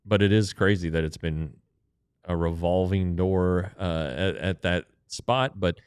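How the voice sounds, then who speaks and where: A man's voice: sits low, unhurried, smooth, no echo, studio quality. A man co-hosting a sports podcast, talking casually with fillers and restarts. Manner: conversational, rambling with fillers.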